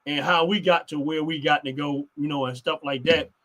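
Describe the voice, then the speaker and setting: Casual Philly co-host, man, bright tenor, rambling delivery. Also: on the high side, fairly even intonation, moderate pace. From Philadelphia. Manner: rambling, fills with "you know what I mean". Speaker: podcast co-host. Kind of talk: casual chat.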